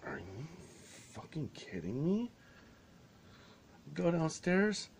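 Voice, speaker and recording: A man's voice: on the high side, huge pitch swings, slow pace, slight background noise. A man telling a story in a casual vlog, exasperated and sarcastic, swearing freely. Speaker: vlogger.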